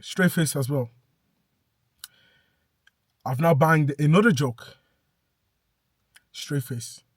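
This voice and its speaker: A young man telling an animated, breathless story in a vlog rant, bursting into shouts now and then. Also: a little high, slow pace, long pauses, slightly rough, dry recording, clean studio sound. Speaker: vlogger.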